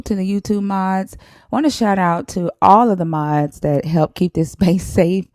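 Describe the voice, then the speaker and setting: A woman with a Southern US twang, talking loosely and warmly with her viewers on a live stream. Her voice sits a bit low and mellow, and the recording is close and dry. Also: no room sound. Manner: chatty, laughs often, drawls at times. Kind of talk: casual live stream chat.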